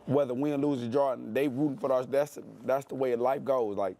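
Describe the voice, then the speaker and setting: A man's voice: mid-range voice, steady tone, normal speed, dark tone. A man, a professional boxer talking brashly in an interview, boasting and repeating his phrases for effect. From Detroit, USA. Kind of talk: animated interview talk.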